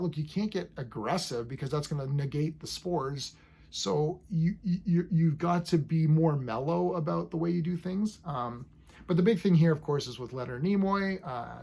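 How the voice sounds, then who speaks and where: A man's voice: fairly high pitch, vocal fry, a little mellow. A man casually reviewing a TV episode, rambling enthusiastically and acting out scenes as he goes.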